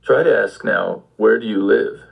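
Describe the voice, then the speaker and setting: A man's voice: on the low side, moderate pace, gravelly, breathy edge, lo-fi sound. A man giving an audio language lesson, patiently prompting the listener with questions. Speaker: language teacher.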